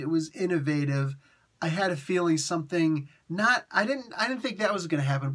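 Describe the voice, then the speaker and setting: A man's voice: on the high side, a bit bright. A man hosting a casual comic book review, talking in a rambling, chatty way full of fillers and restarts.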